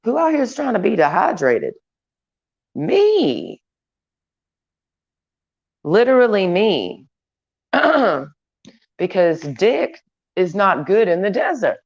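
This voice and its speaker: A woman's voice: mid-range voice, big pitch swings, takes it slowly, pauses often, husky. A woman vlogger ranting in a crude, profane, stream-of-consciousness ramble. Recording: dull lo-fi recording.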